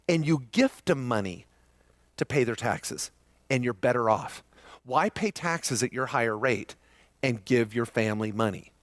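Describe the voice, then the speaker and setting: A man's voice: fairly high pitch, dry recording. Joking middle-aged man at a seminar. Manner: lively, joking, quizzes the audience. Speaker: seminar presenter. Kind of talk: live seminar talk. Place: room with a live audience.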